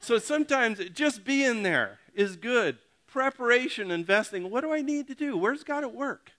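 A man's voice: very high voice, big pitch swings, normal speed, sharp tone. A middle-aged male pastor giving a casual, joking sermon that often addresses the congregation directly.

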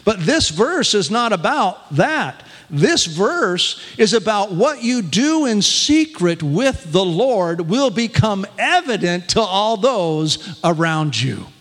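Older man, pastor, folksy sermon, high voice, echoey hall. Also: big pitch swings, slow pace, hardly any pauses, a bit bright. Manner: folksy, self-deprecating, chuckling.

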